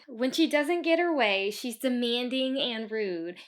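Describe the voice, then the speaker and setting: A woman's voice: fairly high pitch, animated, unhurried, noisy background. A woman reading a children's book aloud, stopping for chatty asides to explain the story to kids. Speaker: storybook reader.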